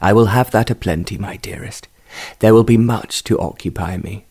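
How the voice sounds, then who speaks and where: A man voicing a gentle, formal aristocratic father in a storybook reading, speaking softly and kindly. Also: fairly low pitch, normal speed, breathy edge. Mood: soothing.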